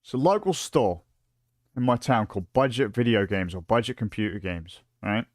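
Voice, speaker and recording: A British man in his late thirties, chatting casually on a livestream and telling stories in an excitable, profane way, full of fillers and restarts. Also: on the low side, moderate pace, dry recording, studio quality. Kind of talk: casual rambling stream chat.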